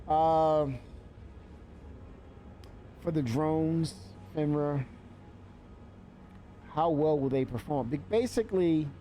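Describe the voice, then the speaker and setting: A man's voice: fairly high pitch, mellow, slight background noise. A man streaming a video game live, chatting loosely, cursing and laughing at what happens on screen. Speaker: livestreamer. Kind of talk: live gameplay stream commentary.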